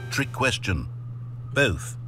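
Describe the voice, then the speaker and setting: A fussy, formal game narrator. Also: male voice, mid-range voice, sing-song, takes it slowly, sharp tone, soft background music, exaggerated voice. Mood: prim. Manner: prim, formal, theatrically exasperated. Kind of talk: video game voice acting.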